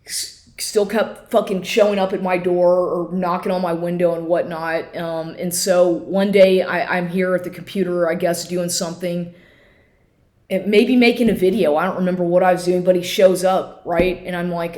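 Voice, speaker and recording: A woman's voice: on the low side, steady tone, moderate pace, darkish tone, roomy sound. A woman telling a personal story in a casual rant, swearing often and restarting her sentences, recorded at home at her computer. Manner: profane, agitated, restarts often. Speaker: vlogger.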